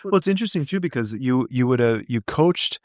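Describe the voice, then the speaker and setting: A man co-hosting a podcast, reacting warmly and summing up his guest's story. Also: mid-range voice, animated, brisk, no echo, clean studio sound. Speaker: podcast co-host. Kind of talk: casual podcast interview.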